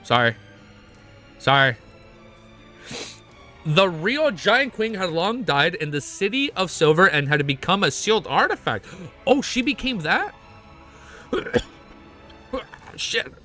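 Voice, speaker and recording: A man streaming himself as he reads a web novel aloud, breaking off into excited, profanity-laden reactions. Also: on the high side, takes it slowly, long pauses, soft background music. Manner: excitable, swears often, breaks off into loud reactions.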